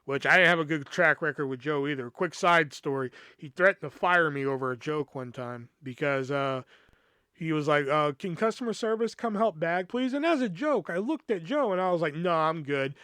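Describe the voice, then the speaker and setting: Profane, animated young man telling a story. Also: fairly high pitch, moderate pace, smooth, dry recording, clean studio sound. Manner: profane, animated retelling with quoted dialogue. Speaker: podcast host. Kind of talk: casual storytelling monologue.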